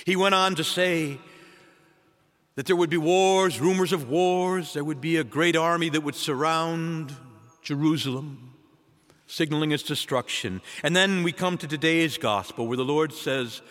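A man, a priest, giving a sermon with dramatic swings between loud and soft. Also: a little slow. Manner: dramatic preaching with wide swings in pitch and loudness. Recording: long church reverb.

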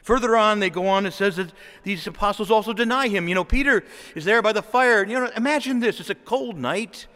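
A man, a Catholic priest, delivering a lively homily in church, acting out quoted voices and chuckling often. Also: high voice, brisk, long reverb tail.

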